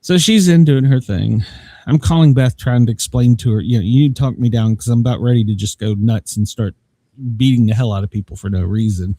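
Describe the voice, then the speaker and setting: Husky man telling a rambling story. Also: mid-range voice, brisk, warm tone, dry recording. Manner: rambling, laughs often, swears; acts out both sides of conversations. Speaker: live show host. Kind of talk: casual storytelling.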